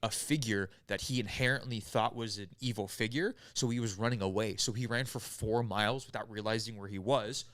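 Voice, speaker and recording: A man's voice: on the low side, brisk, hardly any pauses, a bit bright, dry recording. A man telling a long story on a casual podcast, rambling and swearing with lots of filler words. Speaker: podcast host.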